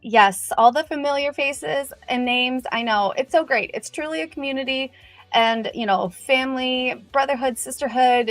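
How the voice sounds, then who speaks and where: A chatty middle-aged woman hosts a casual livestream, her voice slightly high and bright. She talks in quick, upbeat bursts with a nervous edge. The sound is dry and close, with faint music underneath. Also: no echo. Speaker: livestream host.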